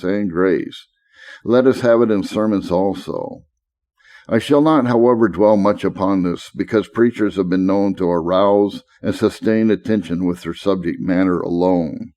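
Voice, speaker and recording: A man giving a measured scripted reading of a classic lecture on preaching, slowing deliberately to stress key phrases. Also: low-pitched, mellow.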